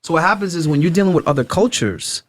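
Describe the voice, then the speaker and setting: A man's voice: on the high side, lively intonation, fast. A man, co-hosting a casual podcast chat, blunt and profane, acting out little dialogues as he talks. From Brooklyn, New York. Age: 40s. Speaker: podcast co-host.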